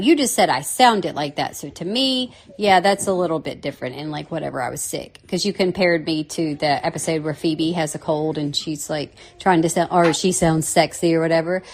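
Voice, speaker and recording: A woman with a Southern US accent leaving a casual voicemail, blunt and joking, with a lot of swearing. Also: on the low side.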